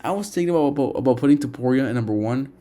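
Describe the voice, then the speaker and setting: A young man talking casually about fighters, animated and repetitive, often restarting his sentences and saying "bro" and "dude". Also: mid-range voice, very fast. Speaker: MMA commentator. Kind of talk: casual opinion monologue.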